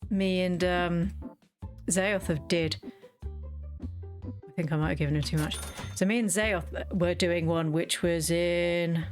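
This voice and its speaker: A woman's voice: on the low side, steady tone, slow, pauses often, a little mellow, soft background music. A woman chatting casually while streaming a game, rambling and self-interrupting with playful asides. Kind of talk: casual gameplay chat.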